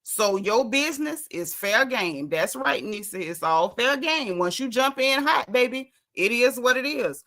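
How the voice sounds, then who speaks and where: A woman's voice: fairly high pitch, a little slow, hardly any pauses. A woman, chatting sassily and animatedly as she recaps a reality TV episode. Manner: sassy, animated, mimics cast members' quotes. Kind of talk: casual reality TV recap chat.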